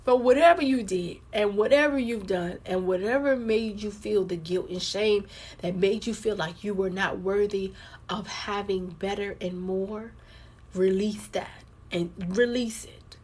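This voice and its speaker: Livestream host: a husky-voiced woman telling her viewers a personal story, candid and conversational. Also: mid-range voice, measured pace, a little mellow. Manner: candid, conversational, addresses viewers as girl and y'all.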